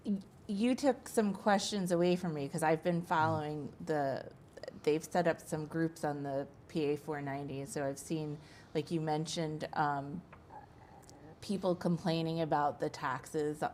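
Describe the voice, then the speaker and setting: Low-voiced woman hosting a talk show. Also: steady tone, measured pace, a little mellow, a little hiss or hum. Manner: conversational, agreeing. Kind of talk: casual interview talk.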